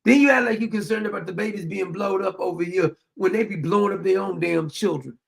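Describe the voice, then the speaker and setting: A man's voice: sits high, brisk, gravelly. A man with hosting a commentary show, ranting bluntly and heatedly with some profanity. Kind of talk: blunt political commentary rant.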